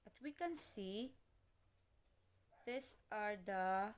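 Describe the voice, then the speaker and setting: A woman giving an English lesson, speaking slowly and carefully and repeating each example word. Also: mid-range voice, expressive, clean tone. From Philippines. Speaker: student presenter. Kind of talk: slow classroom-style lesson reading.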